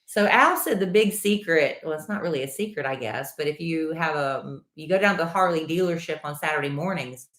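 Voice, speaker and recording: A woman's voice: low voice, a little fast, hardly any pauses, fairly bright tone. A middle-aged woman co-hosting a podcast, chatting casually and teasing her co-host in a playful way. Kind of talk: casual chat. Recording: roomy echo.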